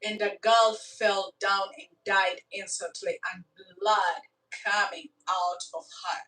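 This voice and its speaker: A woman telling a story in a casual, animated way, with dramatic asides to the listener. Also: medium pitch, takes it slowly. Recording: echoey room, from far off.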